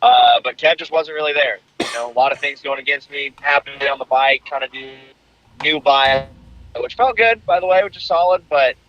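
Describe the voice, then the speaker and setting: Fast-talking man on a muffled call line. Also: a little high. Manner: relaxed, rambling storytelling with lots of fillers. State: coughing a bit. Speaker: guest motocross racer. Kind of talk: casual podcast chat. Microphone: remote call.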